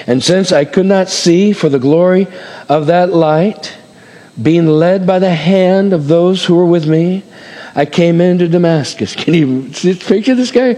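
A man preaching a sermon, his voice swinging between loud and hushed. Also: sits high, measured pace, big-room sound.

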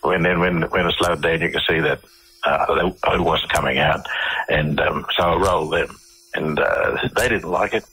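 A man with an Australian accent, a guest on a radio show, telling his stories in a halting way full of restarts and fillers. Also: a bass voice, sharp tone, slightly rough, rough recording. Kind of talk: casual interview storytelling.

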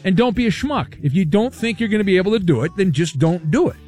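A man hosting a talk radio show, brisk and wisecracking, reading out listener questions. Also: high-pitched, lively intonation, darkish tone, faint music behind. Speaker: radio host.

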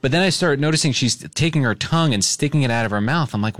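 A male radio host telling a story in casual chat, acting out quoted lines in a higher voice. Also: expressive, quick pace, fairly bright tone, dry recording.

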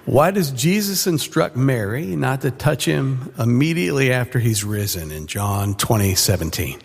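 Man from florida, gravelly, husky, audience member, polite question. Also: medium pitch, very animated, moderate pace, in a large hall. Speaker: caller from audience.

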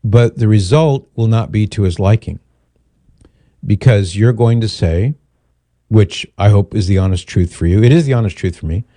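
A man's voice: sits low, warm tone, no echo. A middle-aged man hosting a call-in radio show, coaching a caller with rhetorical questions and acted-out dialogue. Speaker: radio talk show host. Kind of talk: call-in advice on faith. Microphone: studio microphone.

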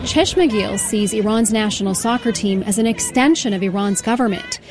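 A woman reading a scripted news report as a reporter, with steady, vivid storytelling. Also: mid-range voice, normal speed, faint music behind.

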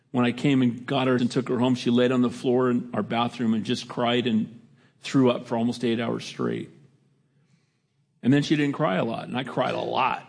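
A middle-aged man preaching a sermon in a conversational way, rising to emphatic lines and dropping to quiet reflection. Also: medium pitch, creaky. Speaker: pastor.

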